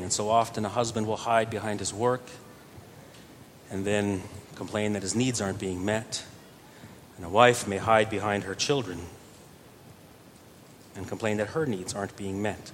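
A man preaching a sermon earnestly, his voice swelling louder on key phrases. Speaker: pastor. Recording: reverberant church hall with faint rumble.

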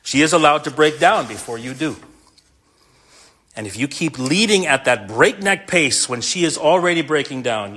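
A man's voice: on the high side, fairly bright tone, breathy edge. A middle-aged male pastor delivering a sermon to men, earnest and mixing in a humorous personal story.

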